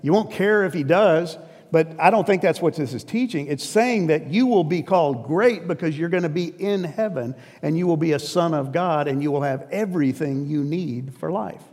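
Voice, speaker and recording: A man's voice: on the high side, moderate pace, hardly any pauses, darkish tone. An earnest male pastor preaches with a slightly raised voice, his conversational delivery carried on a long hall reverb. He presses his points with plain emphasis. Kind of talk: sermon.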